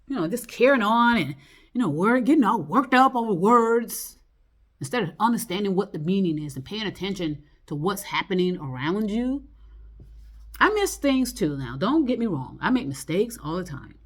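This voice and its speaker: A woman with a notably low voice talks in a loose, rambling monologue. She drifts between thoughts, circles back on herself and swears freely. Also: expressive, brisk. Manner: rambling, loose and profane, lots of fillers and laughs.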